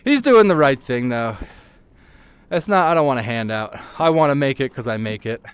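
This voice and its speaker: A man's voice: mid-range voice, expressive, moderate pace, smooth, no room sound. A man livestreaming a game in VR, talking casually and rambling in a self-deprecating way. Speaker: streamer. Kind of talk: casual gaming livestream chat. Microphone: VR headset mic.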